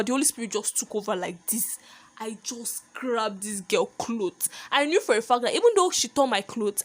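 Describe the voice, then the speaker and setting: A young woman telling a personal story in a lively, animated vlog monologue. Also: fairly high pitch. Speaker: vlogger.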